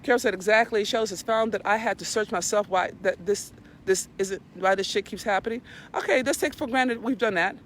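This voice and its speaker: A woman's voice: medium pitch, a little fast, slight background noise. A woman hosting a casual live stream, talking bluntly and preachily with lots of swearing while walking her dog outdoors. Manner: blunt, profane, preachy and animated. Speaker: live video host.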